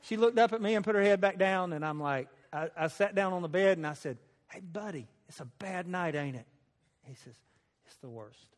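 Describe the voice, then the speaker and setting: A slightly high-voiced man tells a personal testimony in a folksy, chatty way. His voice rings out with a long reverb through a large hall. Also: brisk, hardly any pauses. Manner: folksy, conversational, with laughter. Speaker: speaker sharing a personal testimony. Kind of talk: storytelling testimony.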